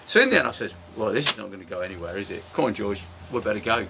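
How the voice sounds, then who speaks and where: A man's voice: lowish voice, expressive, racing, gravelly, noisy background. A man in casual, sweary chat, telling a story and acting out both sides of it. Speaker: storytelling co-host. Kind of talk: casual pub-style chat.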